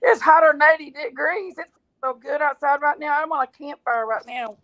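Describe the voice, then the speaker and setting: A woman's voice: sits high, brisk, fairly bright tone, no room sound, muffled recording. A woman joining a casual live chat as a guest, sarcastic and teasing.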